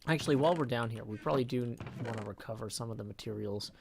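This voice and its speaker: A tired man streaming a game live, chatting casually and reading his chat aloud. He keeps dropping into soft, muttered asides to himself. A faint hiss sits under the voice. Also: mid-range voice, quick pace, vocal fry.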